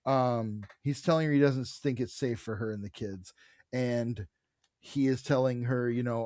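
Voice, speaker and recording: A man's voice: mid-range voice, measured pace, dry recording, studio quality. Casual man retelling a comic plot. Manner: animated retelling with swearing. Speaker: podcast co-host. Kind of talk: casual comic book discussion.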